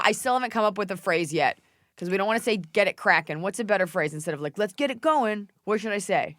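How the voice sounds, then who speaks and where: A woman's voice: mid-range voice, lively intonation, quick pace, fairly bright tone, no room sound, clean studio sound. Joking woman podcast host. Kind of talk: casual podcast chat. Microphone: studio mic without headphones.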